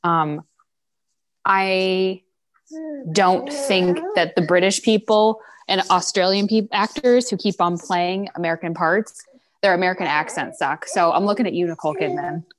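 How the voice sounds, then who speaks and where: Opinionated woman with a lowish voice. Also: measured pace, a crowd in the background. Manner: opinionated, emphatic. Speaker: podcast co-host. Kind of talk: casual chat.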